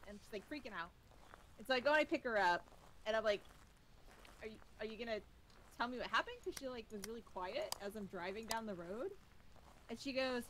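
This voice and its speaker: A woman's voice: a little high, brisk, pushed and bright, a little hiss or hum, low-quality recording. A young woman telling a ghost story in casual chat while playing a game with friends, rambling with many fillers.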